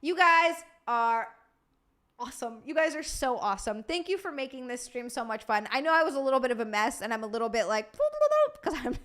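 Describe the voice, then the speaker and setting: A woman hosting a livestream, rambling warmly through thank-yous, tired from lack of sleep. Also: fairly high pitch, brisk. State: sleep-deprived. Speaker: livestream host. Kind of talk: casual stream sign-off chat.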